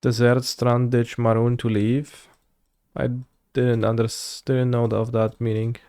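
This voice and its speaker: A man's voice: mid-range voice, little pitch movement, slow, a little mellow, clear, resonant tone, no echo, clean studio sound. A man, a streamer thinking aloud and muttering words to himself while he works through a word puzzle. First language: Polish.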